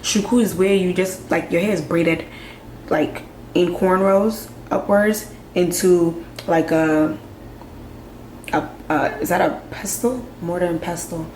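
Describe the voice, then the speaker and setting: Young woman from Nigeria, lowish voice, frank vlog commentary with quick asides, roomy sound. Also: a little mellow, slight background noise. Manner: frank, conversational, quick asides and rhetorical questions. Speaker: vlogger. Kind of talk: candid commentary to camera. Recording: echoey room with faint ambience.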